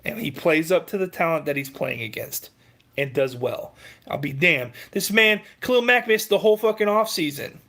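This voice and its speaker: A man's voice: on the high side, expressive, moderate pace, gravelly, pushed and bright. A man hosting a heated, profane sports rant, arguing with commenters.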